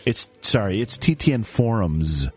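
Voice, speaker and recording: Man, laid-back podcast co-host, short replies, low, husky, very slow. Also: expressive, darkish tone. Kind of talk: comedic podcast banter.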